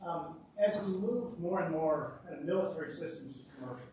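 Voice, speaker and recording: Male audience member, slightly high voice, very echoey, distant. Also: expressive, a little fast, mellow. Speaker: audience member asking a question. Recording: echoey hall, heard from far off, faint noise.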